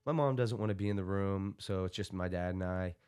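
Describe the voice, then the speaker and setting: A young man chatting casually as a podcast guest, telling stories in an animated way and laughing often. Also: deep voice, a little fast, clear, resonant tone. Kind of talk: casual chat.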